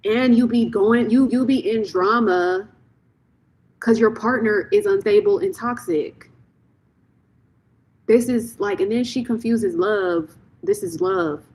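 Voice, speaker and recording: A woman's voice: mid-range voice, darkish tone, husky, rough recording. A young woman reading tarot on a live stream, talking casually and bluntly, repeating phrases as she vents to a viewer.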